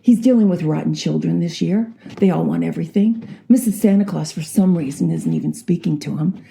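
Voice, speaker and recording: Older lady in her 60s rambling through jokes, gravelly and really dark voice. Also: lowish voice, a little fast, slight background noise. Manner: chatty, rambling, animated storyteller. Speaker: vlogger. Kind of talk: casual joke telling.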